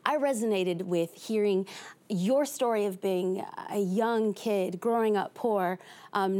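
Woman, young adult, from east los angeles, lively fast talk, talk show guest. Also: mid-range voice. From East Los Angeles, USA. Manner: animated, fast and talkative.

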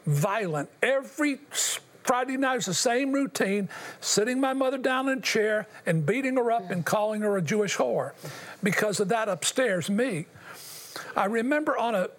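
Older man, high voice, husky, earnest halting personal testimony, interview guest. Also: lively intonation, a bit bright. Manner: earnest, halting, with long pauses.

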